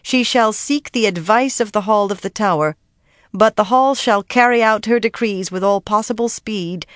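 A narrator voicing a small, reluctant scholarly woman reciting a law haltingly in an audiobook. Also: mid-range voice, a bit bright, dry recording, clean studio sound, voice pushed up, lightly acted.

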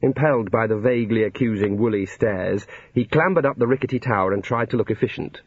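A man's voice: on the low side, quick pace, slightly rough, no echo. A man narrating a comic fantasy novel in a dry storytelling manner. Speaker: audiobook narrator. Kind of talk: scripted narration. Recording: dull lo-fi recording.

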